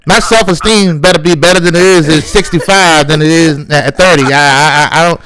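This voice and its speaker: A man in his thirties, a guest in a casual comedy chat, rambling and animated, acting out his own lines. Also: on the high side, a little fast, crowd noise, rough recording.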